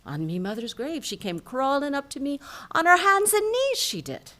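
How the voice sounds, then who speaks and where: A woman's voice: sits high, wildly swooping pitch, moderate pace, fairly bright tone, voice pushed up, full character voice. A woman putting on a jokey Irish pub regular. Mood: comic lament. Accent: put-on Irish brogue. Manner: lilting comic storytelling.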